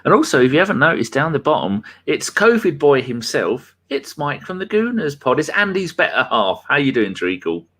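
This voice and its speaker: A man's voice: medium pitch, sing-song, moderate pace, few pauses, fairly bright tone. A man hosting a podcast in casual chat, full of rambling banter. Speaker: podcast host.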